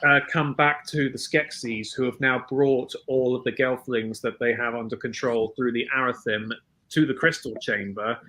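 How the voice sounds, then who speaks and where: A man's voice: mid-range voice, steady tone, moderate pace, sharp tone, poor audio. A man in his thirties chatting casually as co-host, laughing often and using many fillers. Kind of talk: casual chat recapping a show.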